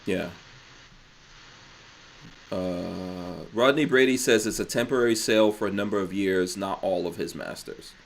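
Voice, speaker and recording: A man co-hosting a casual podcast, reading out listener comments and teasing his co-host, his phrases trailing off quietly. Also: low voice, unhurried, creaky, pauses often, a little hiss or hum.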